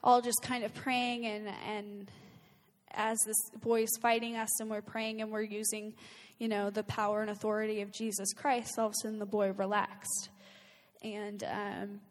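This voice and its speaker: A woman's voice: medium pitch, level tone, normal speed, long reverb tail. A woman earnestly telling a personal story in casual speech, with many fillers and bursts of laughter. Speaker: guest recounting a personal experience. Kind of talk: casual spoken testimony.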